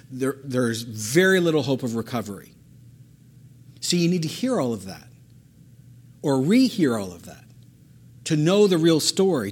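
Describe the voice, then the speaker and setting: A man preaching a sermon, animated and emphatic, repeating phrases and acting out the words of the people in his story. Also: medium pitch, breathy edge. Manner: animated, acts out quotes, emphatic repetition. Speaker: pastor.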